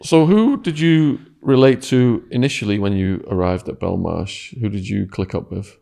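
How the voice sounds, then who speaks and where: A podcast host asks short, direct questions in a low, dark, mellow voice. He also reads sponsor ads in the same plain manner. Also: moderate pace, gravelly. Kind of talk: interview questions and ad read.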